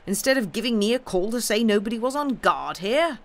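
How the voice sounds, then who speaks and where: A stern old sea captain, read by a woman snaps out loud, accusing questions. He sits at an ordinary middle pitch, pressing hard on each word. It is a storybook read-aloud. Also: animated, moderate pace, lightly acted. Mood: angry, accusing.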